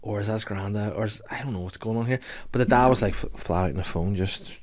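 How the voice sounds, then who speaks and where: A Scottish man hosting a podcast, telling sweary, animated stories in casual chat. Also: lowish voice, quick pace. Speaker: podcast host.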